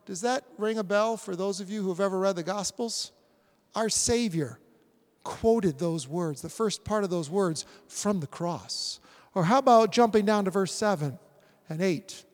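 A man in his forties preaching a sermon, animated and acting out scripture scenes. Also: high-pitched, normal speed, big-room sound. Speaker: pastor.

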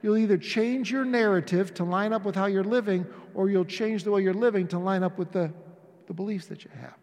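A man's voice: high voice, fairly quick, darkish tone. A male pastor giving a conversational sermon to his congregation, acting out little dialogues along the way. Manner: conversational preaching with acted-out dialogues. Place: church sanctuary. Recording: echoey church hall.

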